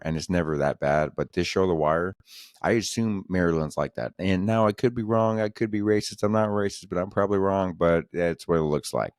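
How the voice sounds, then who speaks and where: Very deep-voiced man rambling on a podcast. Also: a little mellow, no echo, clean studio sound. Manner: rambling, profane, joking. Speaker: podcast host. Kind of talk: casual solo podcast rambling.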